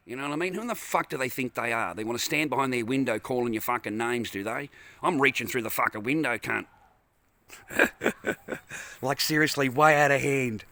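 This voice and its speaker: A man's voice: medium pitch, fairly quick, pushed and bright, no echo. An Australian man ranting angrily in a vlog from his car, profane and repetitive. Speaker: vlogger. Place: in a parked car.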